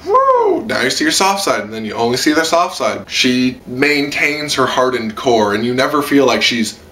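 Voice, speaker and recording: A young man giving a casual, rambling anime review from a room at home, excitable and full of "like" and squealed impressions. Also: mid-range voice, moderate pace. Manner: rambling, excitable, lots of "like" and squealed quoted voices.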